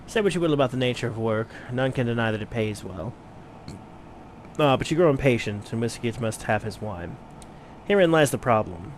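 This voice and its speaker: A man's voice: medium pitch, a little hiss or hum, natural voice. Man reading a genteel blind wine merchant. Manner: measured, courteous, wordy. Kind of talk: let's play voice acting.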